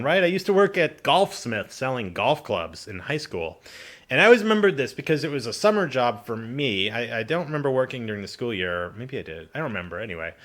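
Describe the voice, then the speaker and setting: A man telling rambling, profane personal stories to his channel's viewers in a loose, animated way. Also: mid-range voice. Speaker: channel host. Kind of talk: casual storytelling to camera.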